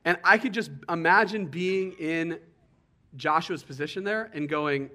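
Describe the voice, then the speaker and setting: Earnest, bright-voiced male preacher. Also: a little high. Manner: earnest, conversational, sometimes halting. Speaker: pastor. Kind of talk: sermon.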